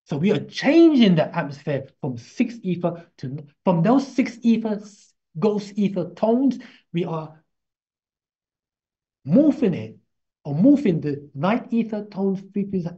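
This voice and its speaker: A man teaching a class in a slow, unhurried voice with a husky, mellow tone. He often stops and repeats himself as he explains. The recording is dull and lo-fi. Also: high voice, sing-song. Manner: chants drawn-out syllables to demonstrate. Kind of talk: casual spoken lesson.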